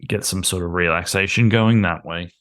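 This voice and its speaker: A man's voice: sits low, moderate pace, a bit bright. Chatty, joking male podcast host. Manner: joking, chatty, laughs often. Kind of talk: casual chat.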